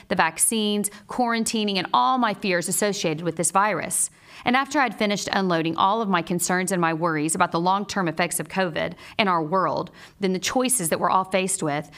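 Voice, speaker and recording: In a steady, earnest delivery, a woman presents a devotional lesson from a script, drawing on both scripture and her own experiences. She is a Bible teacher and a mother, with a voice of ordinary middle pitch.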